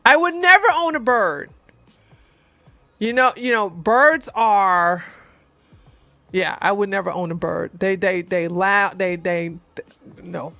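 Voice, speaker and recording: A woman's voice: mid-range voice, bright, forceful tone, dry recording. A woman hosting a livestream, chatting casually in a rambling way, laughing often and answering viewer comments. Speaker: livestream host.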